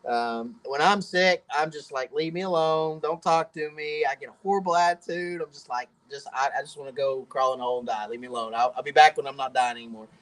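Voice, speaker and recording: A man's voice: medium pitch, quick pace, few pauses, a bit bright, rough recording. A man hosting a live-stream question and answer chat from his home workshop, folksy and talkative and laughing often. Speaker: host of a fishing channel.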